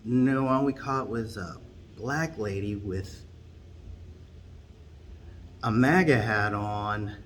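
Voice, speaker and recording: A man's voice: lowish voice, slow pace, pauses often, slight background noise. A man playing a laid-back company owner. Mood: matter-of-fact.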